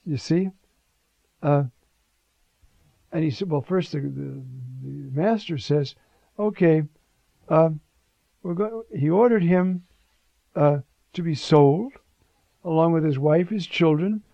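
A man preaching a sermon with emphatic, animated delivery, rhetorical questions and frequent fillers. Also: a little high, creaky, dry recording. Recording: dull lo-fi recording.

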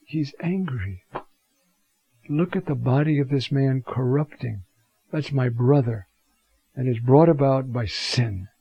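A man teaching a Bible talk, reflective and unhurried, reading scripture passages aloud with emphasis. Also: medium pitch, gravelly, slightly rough, no echo. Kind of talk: scripture lecture. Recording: dull lo-fi sound.

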